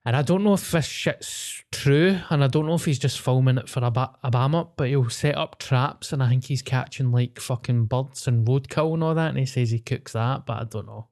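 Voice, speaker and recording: A man's voice: mid-range voice, normal speed, few pauses, darkish tone. Rambling, sweary Glaswegian man. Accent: Glaswegian Scottish. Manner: sweary, rambling, mimics people. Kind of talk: casual podcast chat.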